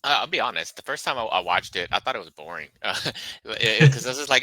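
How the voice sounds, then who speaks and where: A man who is a podcast guest, chatting casually and relaxed, with some hesitant restarts. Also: on the low side, fast talker, dry recording, rough recording.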